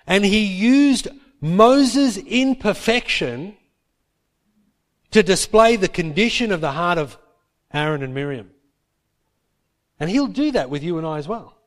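Man, sermon, storytelling preacher, higher-pitched voice. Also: a little slow, pauses often. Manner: lively storytelling, acts out biblical characters in quotes. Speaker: pastor.

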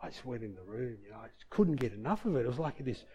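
A man's voice: mid-range voice, lively intonation, fast, a crowd in the background. A middle-aged man sharing a personal faith testimony in an earnest, emotional way, with many fillers and reenacted quotes.

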